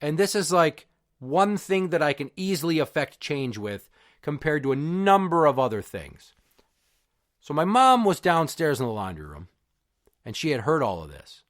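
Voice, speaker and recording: A man's voice: fairly high pitch, big pitch swings, normal speed, a bit bright, no room sound, clean studio sound. A middle-aged man, hosting a podcast and telling a personal story in a blunt, profane, heated way. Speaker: podcast host.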